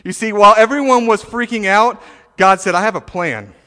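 Animated preacher with a bright high voice. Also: male voice, a little fast. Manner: animated, emphatic preaching with repetitions and restarts. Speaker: pastor. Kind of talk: sermon. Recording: reverberant hall.

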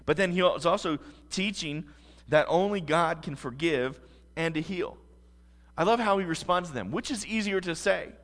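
A man's voice: a little high, moderate pace, a bit bright, big-room sound. A man preaching a sermon as pastor, earnest and emphatic.

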